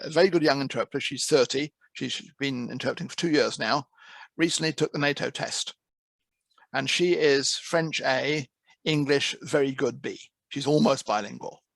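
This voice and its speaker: A man's voice: fairly high pitch, vocal fry, a bit bright, no room sound. A man who heads an interpreting course, giving a discursive online presentation to a practice group, often restarting and repeating words. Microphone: video call.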